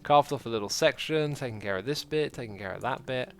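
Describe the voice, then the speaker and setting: A man's voice: medium pitch, brisk, soft background music. A man hosting a game livestream, chatting casually, reading viewer comments aloud and joking at his own expense. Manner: chatty, reads viewer comments aloud, self-deprecating jokes. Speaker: livestreaming gamer host.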